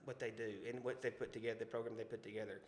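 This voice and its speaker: Rapid-fire and level in tone, a man with a mid-range voice and Southern US accent rambles through folksy stories on a laid-back podcast he co-hosts, restarting often and tossing in asides and "you know." There's a little hiss or hum, a roomy echo, and faint ambience.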